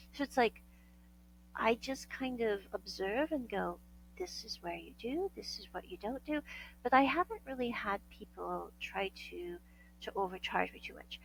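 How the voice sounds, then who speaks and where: A woman's voice: medium pitch, creaky, a little hiss or hum, poor audio. A woman from the United States telling a story in casual chat. She laughs often and acts out the dialogue she quotes.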